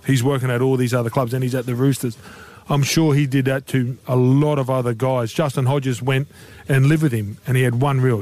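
A man talks footy on the radio with animated, storytelling energy. His voice sits in a plain middle register, and his tone rises when a story excites him. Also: medium pitch, a little fast. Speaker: rugby league pundit. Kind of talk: casual radio chat.

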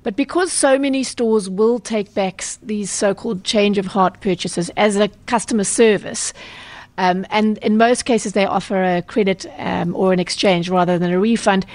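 A South African woman speaks as an interview guest, laying out consumer rules in a brisk, practical way. She stops often for an um and corrects herself mid-phrase. Her voice sits at an ordinary middle pitch for a woman. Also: fairly even intonation, darkish tone, no echo. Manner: brisk and explanatory, with frequent ums and self-corrections. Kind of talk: explanatory radio interview answers.

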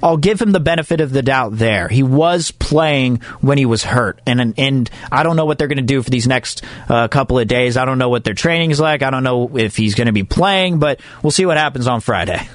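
A sports radio host with a medium-pitched voice talks briskly with few pauses, working through listener comments in a chatty, rambling monologue full of restarts. There's no room sound.

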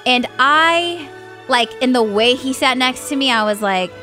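A woman's voice: sits high, animated, unhurried, pushed and bright, soft background music. A woman co-host telling a personal story in casual chat, full of "like" and acted-out dialogue. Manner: chatty, heavy filler "like", acts out dialogue.

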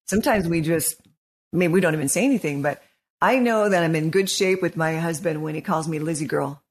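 A woman co-hosting a podcast as a marriage counselor, encouraging and quick to laugh in casual discussion. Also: low voice, slightly rough. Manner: warm-hearted, encouraging, laughs easily.

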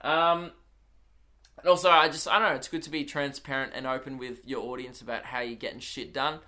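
A man's voice: mid-range voice, level tone, brisk, pushed and bright. A young Australian man, a comedian, chatting casually on his solo podcast and telling rambling, swearing anecdotes in an Australian accent.

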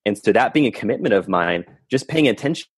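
Earnest low husky man telling stories. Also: lively intonation, quick pace, no room sound. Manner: earnest, reflective, talks in long run-on stretches. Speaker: podcast guest. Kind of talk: candid storytelling conversation.

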